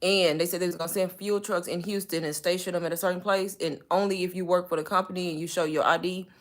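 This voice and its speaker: A young woman hosting a live stream, telling stories in an animated, chatty way. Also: on the low side, fast. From Texas. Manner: animated storytelling with laughs. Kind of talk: casual chat.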